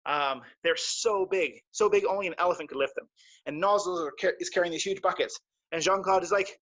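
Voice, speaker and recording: High-voiced guy telling a kids story on a stream, lots of sound effects, dry dull audio. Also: a little fast, fairly bright tone, no room sound. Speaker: storyteller for children. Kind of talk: children's story on a live stream. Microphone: live stream mic.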